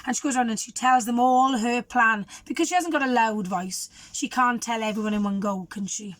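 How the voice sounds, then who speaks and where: A woman teacher, a little croaky, reading a children's storybook aloud and asking the listeners questions. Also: a little high, fairly quick, dry recording. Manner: warm, asks the children questions. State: hoarse.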